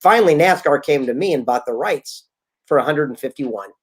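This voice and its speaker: A man being interviewed as a guest author, telling stories in a casual, animated way and acting out the people he quotes. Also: on the high side, fairly quick, breathy edge. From Southern California. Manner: animated storyteller, acts out quotes.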